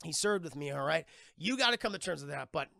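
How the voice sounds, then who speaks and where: A man's voice: fairly high pitch, animated, quick pace, gravelly, sharp tone, dry recording, clean studio sound, heavily acted. A man doing an impression of a cocky, profane male pirate captain who calls people "lad" and "mate". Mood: insistent.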